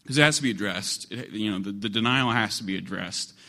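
A male preacher delivers a sermon in a relaxed, conversational way. His voice sits on the low side. He repeats phrases and stacks them to build his point. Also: brisk. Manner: conversational, repetitive, building emphasis.

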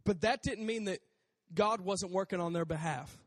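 High-voiced man preaching in a hall. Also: normal speed. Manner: conversational, animated, acts out voices. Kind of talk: casual sermon.

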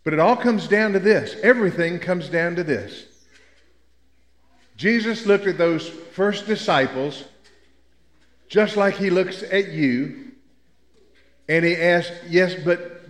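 An older preacher from Memphis delivers a sermon full of folksy, humorous stories. His voice sits high for a man. The sound rings through a church hall with a long reverb. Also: slow, pauses often. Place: church sanctuary.

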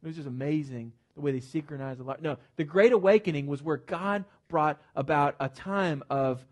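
A pastor delivers an emphatic sermon in a church sanctuary, his voice sitting a little higher than most men's. He stays animated throughout, drops joking asides, and often repeats a word as he starts a new thought. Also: normal speed. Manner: repeats words when starting phrases.

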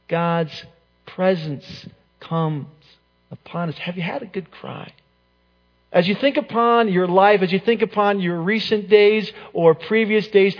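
A man gives a sermon in a high voice, earnest and searching, often repeating himself and dropping his phrases to a hush. The sound is dull and lo-fi, with a long reverb trailing after each line. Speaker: pastor.

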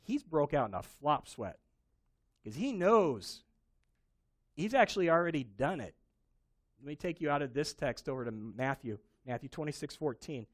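A man preaching a sermon, telling a Bible story with animated emphasis. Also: on the high side, moderate pace, pauses often. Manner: animated storytelling, acting out quoted voices. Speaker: pastor.

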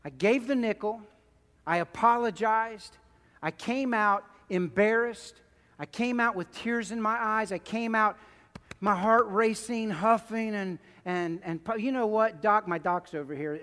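High-voiced preaching man in a hall. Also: measured pace. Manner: animated, emphatic preaching with storytelling. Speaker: pastor. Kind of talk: sermon. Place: church sanctuary.

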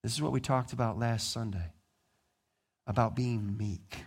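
A male pastor preaching a sermon, telling the story with lively, animated delivery and acting out the people in it. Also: mid-range voice, a little slow, breathy edge.

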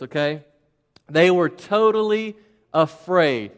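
A man retells a Bible story to his listeners in a loose, conversational sermon, full of asides. His voice sits a little high for a man. A long reverb trails each phrase, as in a large hall. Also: normal speed, clear, resonant tone.

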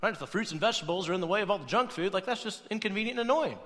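Rapid-fire and high-voiced, a young male pastor preaches in a space with big-room acoustics. He keeps the sermon conversational and energetic, frequently closing points with "right?"

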